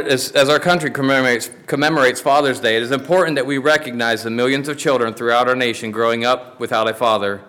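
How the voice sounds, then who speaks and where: A man's voice: medium pitch, fairly bright tone. Guy preaching a sermon, easygoing storyteller, trips over words now and then. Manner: folksy storytelling with restarts.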